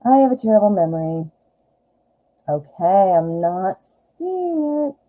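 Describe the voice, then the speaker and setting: A woman's voice: medium pitch, sing-song, slow pace, mellow, poor audio. A woman in her forties with a Midwestern American accent, chatting in a rambling, self-deprecating way while doing a live tarot reading. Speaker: tarot reader.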